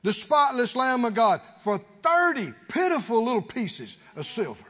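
A man preaching with a husky, high voice that swings widely in pitch, calling out to his congregation for answers. His emphatic peaks ring through a long church reverb on a dull, lo-fi recording. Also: very animated, normal speed, a bit bright. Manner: call-and-response preaching, rising to emphatic peaks. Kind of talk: sermon.

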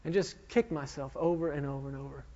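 A male minister giving a sermon testimony, telling a story in a self-mocking way with quick asides, on a dull recording. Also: a little high, mellow.

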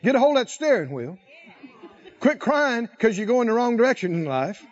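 Male preacher, high and animated, calls out to the congregation, muffled lo-fi sound. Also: normal speed. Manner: rousing, calls to the congregation, laughs often. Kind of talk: sermon.

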